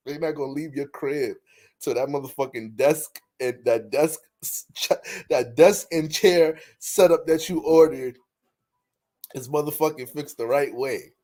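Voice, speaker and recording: A man giving casual astrology commentary in an animated way, joking, swearing freely and laughing often. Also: fairly high pitch, measured pace.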